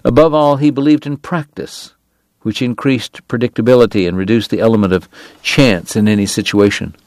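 A man reading a novel aloud in measured, deliberate narration. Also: medium pitch, steady tone, a little mellow, no room sound. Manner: measured, deliberate, pausing on lists. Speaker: audiobook narrator.

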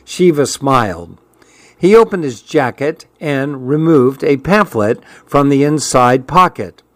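In a dry, close recording free of room sound or echo, a man narrates an audiobook. His reading voice sits at a middle pitch and stays steady, even and unhurried.

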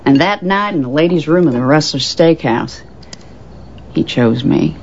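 A woman's voice: deep voice, animated, unhurried, darkish tone, a little hiss or hum. A blunt middle-aged mother. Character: blunt no-nonsense mother of a grown son. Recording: dull lo-fi film clip.

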